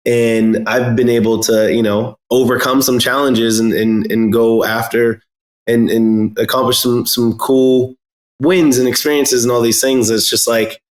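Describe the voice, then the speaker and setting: A man speaking earnestly as a podcast guest, halting and restarting often. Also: lowish voice, reverberant. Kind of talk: casual interview talk.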